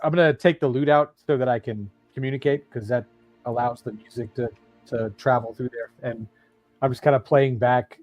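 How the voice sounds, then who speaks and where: A man taking his turn in a tabletop role-playing game, speaking quickly and offhandedly. The mic sound is dry and close, with faint music underneath. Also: mid-range voice, fairly even intonation, darkish tone, dry recording. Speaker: player.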